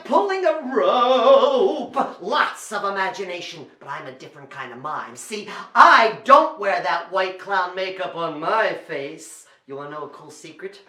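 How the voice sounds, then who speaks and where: A man hosting a lively show for children, bouncing all over his pitch with big, playful exaggeration. His voice is bright and ringing, and the recording carries a roomy echo. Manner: animated, playful, exaggerated kid-show delivery. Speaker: children's entertainer and storyteller. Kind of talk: lively performance for children at home.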